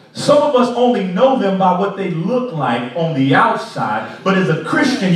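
A man preaching a sermon as pastor, pressing his congregation with repeated rhetorical questions. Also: sits high. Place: large church sanctuary. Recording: echoey sanctuary from far off.

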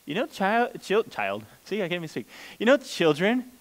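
A man's voice: sits high, big pitch swings, moderate pace. A man preaching a conversational sermon as pastor, plain-spoken and informal, often restarting mid-sentence.

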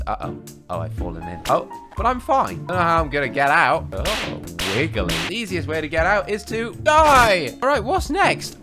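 A man giving jokey, excitable commentary over gameplay as a channel host, with frequent laughs and yelps. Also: a little high, normal speed. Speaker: gaming YouTuber. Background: background music.

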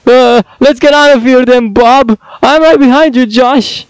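A man voicing jittery petty male zombie thieves, squeaky and nervous, from a fan script. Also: steady tone, unhurried, clear, resonant tone, dry recording, rough recording. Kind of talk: reading fan dialogue aloud.

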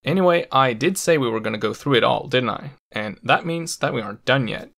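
Gravelly man explaining language patterns. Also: medium pitch, animated, a little fast, fairly bright tone. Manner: explanatory, with playful asides. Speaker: language educator. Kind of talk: scripted educational narration.

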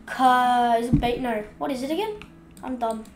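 A woman giving casual gameplay commentary, chatting along and scolding the fish in the game out loud while she has the hiccups. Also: on the high side, a little slow, echoey room, faint music behind. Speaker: gaming video host.

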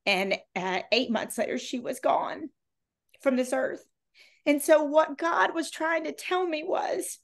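A woman's voice: sits high, slow pace. A woman author speaks as a guest in an interview. She talks with heartfelt, earnest emotion about faith, and she restarts and repeats words as she gathers herself.

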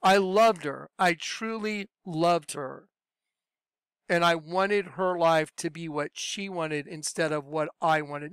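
A man's voice: slow, clean tone, dry recording. A middle-aged man preaching and telling a personal testimony in an earnest, conversational way. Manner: earnest, conversational, drops to soft low voice when recalling.

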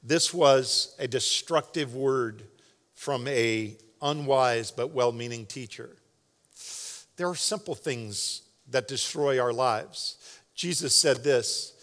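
A man preaching a sermon as pastor, in a relaxed, joking, conversational way. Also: mid-range voice, slow. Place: large church sanctuary. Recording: long hall reverb.

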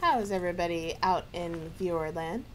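A woman with a high, squeaky voice chatting playfully while streaming a ghost-hunting game, stumbling over her words. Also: a little fast, slight background noise, low-quality recording. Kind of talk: casual gaming chat.

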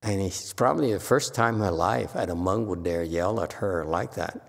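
Gravelly monk lecturing in a hall. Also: male voice, low voice, normal speed. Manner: animated storytelling, acting out quotes. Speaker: Buddhist monk lecturing on a sutra. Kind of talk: informal sutra lecture.

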